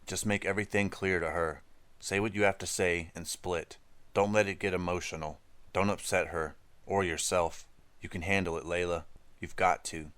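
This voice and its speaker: A man reading a frightened teenage girl who speaks slowly and carefully, trying to soothe. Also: deep voice, steady tone, a bit bright, clean tone, no echo. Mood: steadying.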